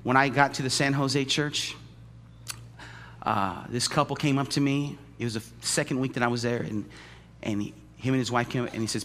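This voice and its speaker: Bright-voiced preacher in a reverberant church. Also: male voice, steady tone, a little fast, slight background noise. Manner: emphatic preaching, swinging from loud high outbursts to hushed low storytelling. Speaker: pastor. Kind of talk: sermon. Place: church sanctuary. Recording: long church-hall reverb.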